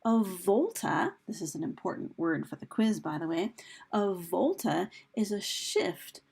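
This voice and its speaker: A woman's voice: on the low side, lively intonation, measured pace, vocal fry, darkish tone, breathy edge. A woman teacher talking through a recorded lesson over slides, chatty, with fillers and questions put to her students. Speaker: English teacher.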